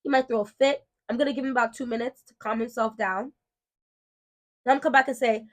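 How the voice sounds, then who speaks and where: A woman's voice: on the high side, fairly even intonation, a little fast. A woman telling a story in a casual vlog, firm, emphatic and outspoken, like a protective mom setting things straight. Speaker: mom and beauty vlogger.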